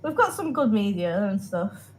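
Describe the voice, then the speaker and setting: A woman's voice: medium pitch, sing-song, moderate pace, low-quality recording. Young female co-host from Britain, amused explainer, slight noise behind her. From United Kingdom. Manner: laughing, explaining. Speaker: podcast co-host. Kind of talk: casual chat.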